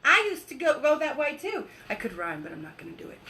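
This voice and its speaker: A woman hosts a live workshop in a bright, forceful voice that sits a little high. She chats casually and laughs easily, rushing her words when excited and slowing down to lead guided breaths. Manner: talks quickly when excited, laughs often; leads slow guided breathing. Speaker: wellness coach.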